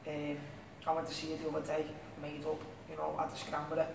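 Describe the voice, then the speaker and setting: A young man with a Liverpool accent talks in a high voice, rambling and dropping "you know what I mean" all the time. He sits back from the mic in an echoey room with a faint hiss underneath. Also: monotone, fast talker, gravelly, recorded from a distance. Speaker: interview guest, singer. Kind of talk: casual interview chat.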